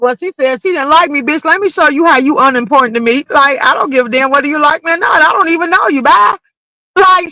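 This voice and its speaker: A high, bright-voiced woman runs a casual gossip livestream and talks back to her chat. She speaks bluntly, swears freely and keeps the energy animated. The sound is close and dry, with no room around her. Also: dry recording, rough recording. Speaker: livestream commentary host.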